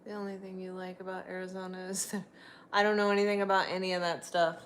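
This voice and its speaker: A middle-aged woman vlogs casually from home, talking fast in a flat voice during a chatty livestream with faint background noise. She switches to a high sing-song voice when addressing her pets.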